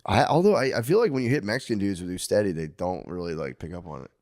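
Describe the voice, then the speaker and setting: A male podcast co-host with a lowish voice that moves up and down a lot as he jokes around. The sound is close and dry on a studio mic. His banter is loose and peppered with swearing. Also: animated, fast talker, darkish tone, no echo. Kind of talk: casual chat.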